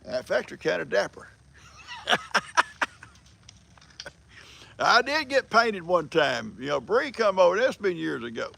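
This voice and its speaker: A man's voice: sits high, very animated, normal speed, gravelly, few pauses, fairly bright tone. An older man with a country accent, hosting a livestream in folksy, rambling casual chat and reading viewer comments. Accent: American country. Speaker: livestream host.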